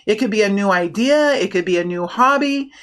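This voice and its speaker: A woman giving a casual tarot reading, animated and prone to excited bursts, often restarting her sentences. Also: mid-range voice, fairly quick, clear, resonant tone. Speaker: tarot reader.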